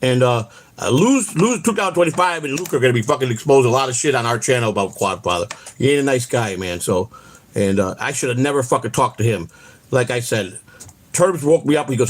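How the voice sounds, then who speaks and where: Husky profane man ranting heatedly. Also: medium pitch, animated, brisk. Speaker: host. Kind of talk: casual ranting chat.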